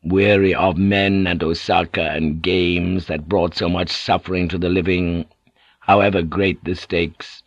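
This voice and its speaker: A man voicing a shrewd, weary older warlord who speaks in a measured, calculating and quietly commanding way. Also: sits low, fairly even intonation, no room sound, muffled recording. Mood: weary, melancholy.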